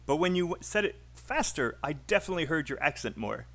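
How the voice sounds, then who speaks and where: A British man leads an online speaking lesson, his voice sitting a little high for a man. He coaches learners one by one with plenty of fillers and encouragement, in the easy rhythm of a teacher on a voice chat. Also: very animated, fast talker, a bit bright.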